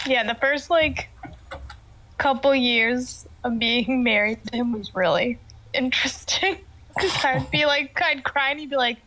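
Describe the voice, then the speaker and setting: A woman's voice: sits high, unhurried, pushed and bright, rough recording. A woman streamer chatting casually during a tabletop game, telling stories with lots of laughter. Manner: chatty storytelling, laughs often, filler "like".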